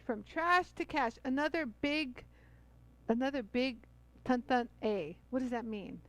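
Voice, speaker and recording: A woman's voice: high voice, measured pace, no echo, poor audio. A middle-aged woman hosting a live-stream jewelry tool demo, bubbly and chatty, full of fillers and calling out to viewers. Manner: bubbly, chatty, many fillers, addresses viewers as "you guys".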